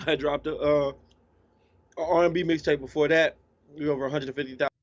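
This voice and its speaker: A man's voice: on the high side, steady tone, fast. A man talking as a guest DJ in a casual interview, laid-back and slangy, sometimes eating while he talks. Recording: slightly dull lo-fi sound.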